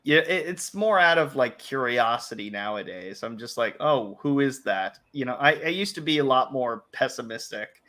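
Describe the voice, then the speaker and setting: A man's voice: mid-range voice, animated, moderate pace, few pauses, pushed and bright. A man hosting a late-night livestream, talking casually and rambling with restarts and quoted asides. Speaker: livestream host. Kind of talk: casual chat.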